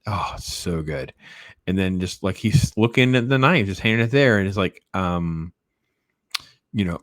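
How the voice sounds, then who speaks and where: A comic book collector with a deep, expressive voice chats casually and enthusiastically about comics at normal speed in a casual video. The studio-quality recording has no echo, and he rambles with plenty of fillers.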